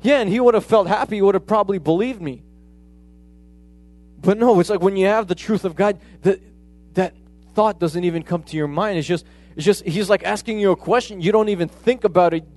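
A man's voice: sits high, fairly quick, darkish tone. A man preaching a sermon in a conversational way, often retelling conversations as quoted dialogue.

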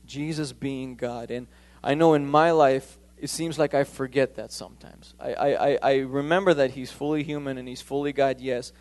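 A man's voice: medium pitch, steady tone, moderate pace, a little mellow. A man preaching a conversational sermon, emphatic and repeating key points.

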